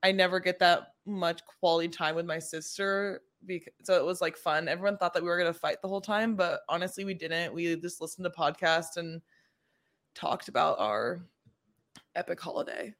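A young woman in her twenties, a podcast co-host, chatting casually in a relaxed, laid-back way. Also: on the low side, normal speed. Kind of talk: casual chat.

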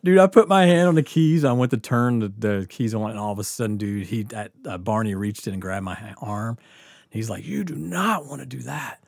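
A man's voice: on the low side, fairly quick, no room sound, clean studio sound. A man telling a wild story in casual chat, swearing freely, laughing along and acting out the voices of the people he quotes. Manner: profane, animated storytelling with frequent laughter. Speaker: storyteller guest.

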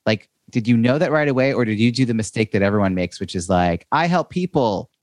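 A man with a low voice asks long, rambling questions in a conversational interview. The sound is dry and close, with no room echo, and he circles through fillers before landing on each question. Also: expressive, fast, darkish tone. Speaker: podcast host.

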